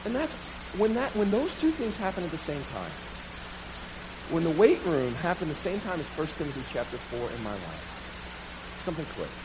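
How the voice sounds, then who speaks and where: A man preaching a sermon through a comic, self-mocking story, animated and building to loud bursts. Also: a little high, moderate pace, long pauses, background noise.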